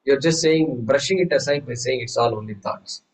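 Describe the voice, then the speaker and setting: A man teaching a scripture class, lively, asking rhetorical questions and acting out voices. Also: mid-range voice, moderate pace, low-quality recording. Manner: animated, acts out quoted voices, rhetorical questions. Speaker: Vedanta teacher. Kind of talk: class lecture.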